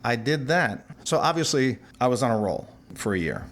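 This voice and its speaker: Older male musician guest, animated storyteller who acts out the people in his anecdotes. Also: medium pitch, moderate pace, a little hiss or hum. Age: 60s. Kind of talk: storytelling interview.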